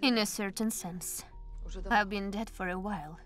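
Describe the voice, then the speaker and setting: A woman's voice: mid-range voice, moderate pace, faint music behind, close to an everyday voice. Young woman dubbing a cold composed avenger. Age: young adult. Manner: cold, calm and even. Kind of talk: dubbed TV drama.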